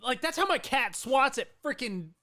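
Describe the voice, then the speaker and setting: A man's voice: extremely high pitch, lively intonation, moderate pace, pushed and bright. A man co-hosting a casual sports podcast, incredulous and sarcastic. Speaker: podcast co-host.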